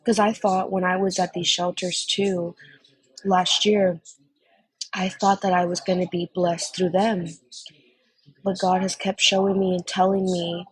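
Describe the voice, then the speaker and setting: A woman's voice: lowish voice, slightly rough, poor audio. A young woman on a casual phone chat, gushing and emotional, calling the listener honey.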